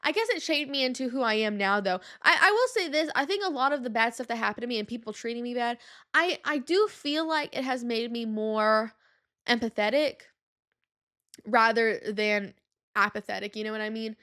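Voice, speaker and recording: A young woman hosting a podcast, telling a story in an animated, slangy way with lots of fillers. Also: on the high side, moderate pace. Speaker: podcast host. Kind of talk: casual storytelling monologue.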